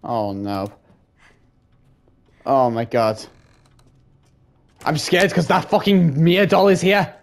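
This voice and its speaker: A man's voice: a little high, big pitch swings, takes it slowly, long pauses. A man hosting a horror game playthrough, talking to his viewers in a jumpy, frightened way and swearing often. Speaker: gaming channel host. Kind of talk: let's-play commentary.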